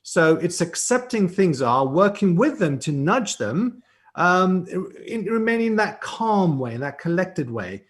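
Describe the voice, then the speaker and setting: A man on a live-streamed mental health panel lays out his ideas in a calm, measured way. His voice sits a little above the usual male range. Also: high-pitched.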